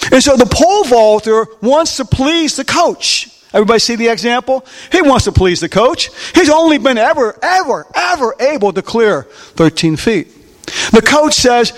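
A man preaching a sermon, animated, often asking the congregation questions and answering them himself. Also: very high voice, normal speed. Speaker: pastor. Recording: long reverb of a large hall.

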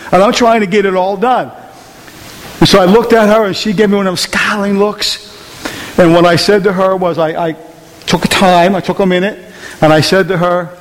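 A man's voice: high-pitched, brisk, long reverb tail. A man preaching a conversational sermon in church, often asking the congregation rhetorical questions. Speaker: pastor. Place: church hall.

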